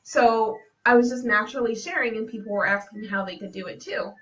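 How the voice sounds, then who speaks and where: A woman's voice: on the high side, fairly quick, fairly bright tone. Earnest woman coach, dull distant sound. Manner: earnest, personal and conversational. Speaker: fitness business coach. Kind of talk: casual talk to camera. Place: home. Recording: dull, slightly distant home recording.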